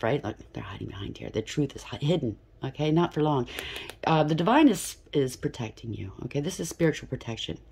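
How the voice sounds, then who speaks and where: A woman with a low, husky voice gives a casual tarot reading from a room at home. She talks in an emphatic stream of thought, often pausing to ask "okay?". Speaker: tarot reader. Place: home room with incense burner.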